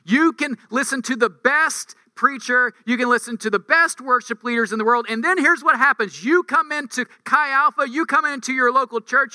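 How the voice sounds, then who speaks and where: A man's voice: very high voice, pushed and bright, no echo, studio quality. A man preaching a conversational sermon, reading scripture aloud and driving points home with rhetorical questions and emphatic peaks. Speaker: campus ministry preacher.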